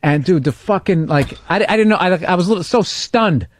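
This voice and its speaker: Swearing comedian telling a story, dry studio. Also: male voice, sits high, lively intonation, brisk, dry recording. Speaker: comedian co-host. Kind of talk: casual comedy podcast banter.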